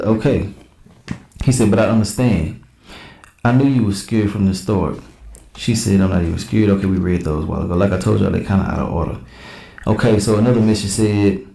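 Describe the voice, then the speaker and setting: A man's voice: on the low side, creaky, dark tone, reverberant. A man hosting a reaction channel, reading text messages aloud in a blunt, slangy, casual commentary. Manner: blunt, slangy, reads quoted messages in a plain back-and-forth.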